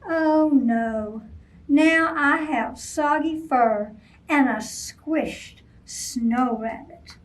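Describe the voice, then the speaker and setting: A woman's voice: sits high, drawn-out words, a little hiss or hum. A woman voicing a grumpy male bear who bellows and growls, reading a storybook aloud. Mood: grumbling. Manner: loud, gruff, bellowing. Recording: voice from a distance off mic.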